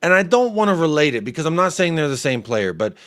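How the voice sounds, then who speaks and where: Brief: American man, slightly high voice, playful fan-show host on a video call. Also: sing-song, fast, a bit bright. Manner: playful, teasing, jokey asides. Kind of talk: casual fan-show chat.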